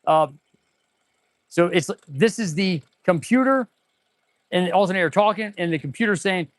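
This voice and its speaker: An excitable mechanic streaming live from his repair shop, rambling to viewers as he tests parts. His voice sits high for a man and sounds dry and close on a clip-on mic. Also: moderate pace, pauses often, no echo. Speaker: auto mechanic and shop owner hosting a livestream. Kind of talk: casual livestream chat while working. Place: auto repair shop, indoors.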